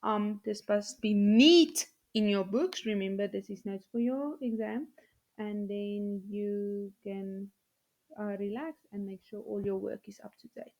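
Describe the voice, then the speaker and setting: A woman, a teacher explaining step by step in a recorded video lesson, patiently repeating numbers slowly for her students. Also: mid-range voice, a little mellow, highs cut off.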